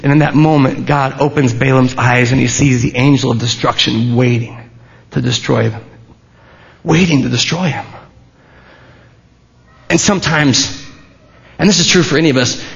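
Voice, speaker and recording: A man preaching a sermon as a pastor, in a conversational way with restarts and asides. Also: a little high. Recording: dull, lo-fi sermon recording.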